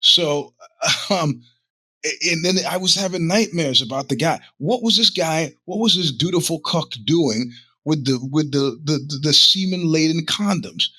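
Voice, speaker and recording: Bright-voiced profane male storyteller. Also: a little high, animated, a little slow, breathy edge, dry recording. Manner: profane, rambling, many restarts. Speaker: podcast host. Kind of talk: casual storytelling monologue.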